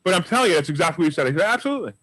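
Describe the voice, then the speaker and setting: A quick, energetic man teaches a real estate investing class, his voice sitting a bit high and close to a dry mic. He tells his deals with emphatic enthusiasm and rattles through the numbers. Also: slightly rough, no echo, poor audio. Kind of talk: live class with questions.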